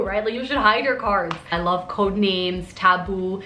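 A young American woman in her twenties chatting casually through a Q&A, animated, slipping Hindi phrases into her English. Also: mid-range voice, normal speed, reverberant, a little hiss or hum. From United States. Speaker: vlogger. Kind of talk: casual Q&A chat.

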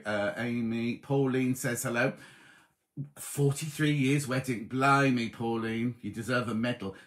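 A man with a mid-range, fairly bright voice hosts a live online coffee morning. He chats casually on the stream, reading out viewers' messages and greeting them as "my love".

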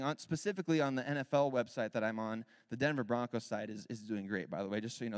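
A man in his thirties preaching a sermon, telling a candid personal story with animated bursts of loud emphasis. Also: medium pitch, fast talker, hardly any pauses, clear, resonant tone. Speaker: worship leader preaching. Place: church sanctuary. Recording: long hall reverb.

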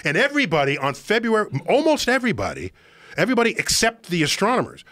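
A man explaining something to a podcast host in an emphatic, excitable lecturing manner. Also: a little high, no echo. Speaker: podcast guest. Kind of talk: animated explanation in conversation. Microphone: studio podcast microphone.

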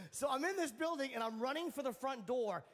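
A man doing a stand-up comedy set on a club stage, sardonic and profane, landing his punchlines deadpan. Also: extremely high pitch, moderate pace, noisy background.

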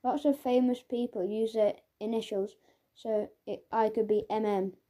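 A woman's voice: on the high side, steady tone, moderate pace, dark tone, lightly acted. A woman voicing a teasing, smug schoolboy classmate in a children's audiobook.

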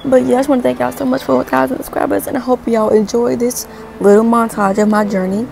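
A young woman vlogging to camera in a chatty, excitable way, gushing and rambling as she says "like" a lot. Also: a little high, fast, vocal fry, slight background noise. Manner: excitable and gushing, leans heavily on "like"; chatty, rambling and self-correcting. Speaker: YouTuber. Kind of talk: casual vlog to camera.

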